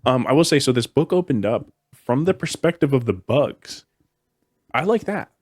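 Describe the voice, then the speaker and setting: A man's voice: medium pitch, expressive, moderate pace, darkish tone, dry recording, studio quality. A man hosting a casual book discussion podcast, rambling and hedging, often trailing off mid-thought. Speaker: podcast host.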